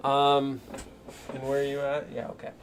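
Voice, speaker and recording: A man playing a tabletop game, rambling in an animated way as he describes his character's spells. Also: medium pitch, moderate pace, a little hiss or hum. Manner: rambling and animated, laughs a lot. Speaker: player. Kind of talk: casual play with in-character narration.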